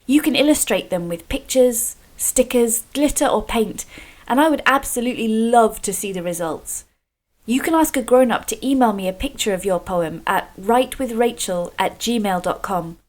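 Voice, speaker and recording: A woman from Scotland leading a creative writing video workshop for children, explaining slowly and clearly with encouragement. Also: fairly high pitch, lively intonation, a little mellow.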